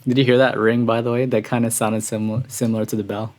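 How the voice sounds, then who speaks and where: A man streaming a music reaction, talking casually and excitedly, breathless and calling his viewers "bro". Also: medium pitch, fast talker. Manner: excitable, says "bro" often, gushing. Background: song playing quietly.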